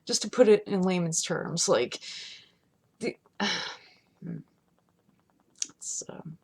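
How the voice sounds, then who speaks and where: A woman vlogging from home in a casual, chatty rant, laughing often and swinging between loud outbursts and hushed asides. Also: fairly low pitch, slow pace, slightly rough. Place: home, not in her studio.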